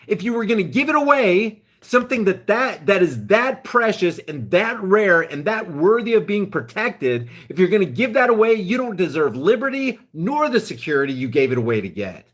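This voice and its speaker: A man hosting a live stream, ranting in a heated, emphatic way, then dropping into quieter asides to his viewers. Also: sits high, sing-song, normal speed, few pauses. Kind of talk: impassioned live-stream rant.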